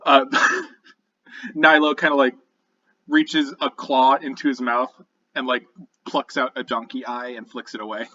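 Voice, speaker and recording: A man's voice: medium pitch, level tone, unhurried, long pauses, bright, forceful tone, muffled recording. A man narrating a tabletop game as dungeon master, describing scenes vividly with many fillers.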